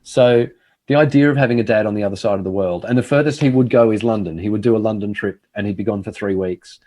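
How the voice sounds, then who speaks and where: A man's voice: on the low side, fast talker, darkish tone. A middle-aged man, a TV host, telling a reflective story in casual conversation.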